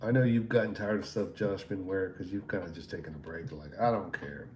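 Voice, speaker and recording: A man hosting a livestream in casual chat, laid-back and quick to laugh. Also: low-pitched, darkish tone, echoey room, slight background noise. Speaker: livestream host.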